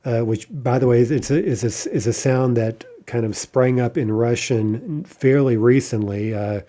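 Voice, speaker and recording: A middle-aged man teaching a recorded language lesson, explaining patiently, often adding "right?" and slowing down to say example words. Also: medium pitch, warm tone.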